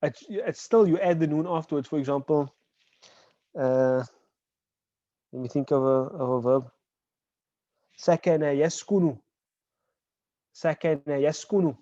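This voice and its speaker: A man teaching an online Arabic class. He explains patiently, checks in with "right?" and says example words slowly. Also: on the high side, warm tone, dry recording. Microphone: video call. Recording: dull, dry online call audio.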